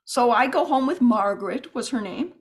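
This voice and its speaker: Animated woman telling travel stories. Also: a little high, normal speed. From United States. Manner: animated, rambling with restarts and asides. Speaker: guest. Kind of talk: podcast interview storytelling.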